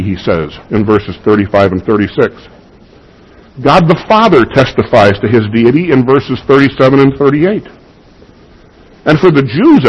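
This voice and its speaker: A man's voice: mid-range voice, breathy edge, dull audio. A man preaching a sermon, emphatic and given to repeating key phrases for weight.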